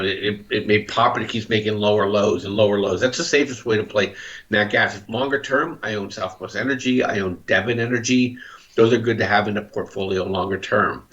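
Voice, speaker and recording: A man's voice: on the low side, a bit bright, dull audio. A man hosting a market commentary show, chatting casually about trades with frequent restarts. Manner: conversational, restarts and fillers, explains trades plainly. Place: Southern California.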